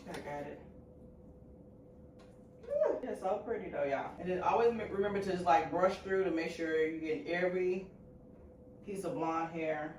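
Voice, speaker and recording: A woman, chatting nervously and laughing at herself while showing how she dyes a wig at a sink. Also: low voice. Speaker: beauty vlogger. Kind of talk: casual talk-along tutorial. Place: indoor room at a sink. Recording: echoey room with faint ambient noise.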